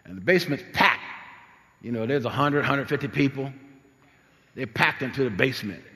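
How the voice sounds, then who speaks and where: Older pastor from jersey preaching, voice jumps all over, bright, echoey church hall. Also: male voice, mid-range voice, moderate pace. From New Jersey. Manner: animated, repetitive, laughing storyteller. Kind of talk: sermon with personal storytelling.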